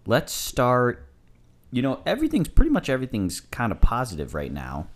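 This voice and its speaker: Lively, lowish man leading chat. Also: normal speed. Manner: chatty, leads the topics. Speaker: podcast co-host. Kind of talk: casual chat.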